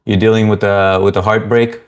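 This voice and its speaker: A man's voice: fairly low pitch, little pitch movement, a little fast, clear, resonant tone. A man hosting a casual livestream, reading viewer comments aloud and greeting people by name in an easygoing way. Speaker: livestream host.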